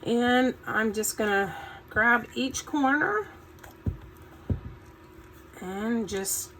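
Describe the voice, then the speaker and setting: A woman chats her way through a home craft project at an unhurried, drawn-out pace, her slightly high voice still groggy from just waking up. She talks in a folksy, easygoing way, with plenty of "um"s along the way. A faint hiss of background noise sits under the recording. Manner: chatty, folksy, says "um" a lot. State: morning voice, just woke up. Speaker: craft channel host. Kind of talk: casual crafting tutorial.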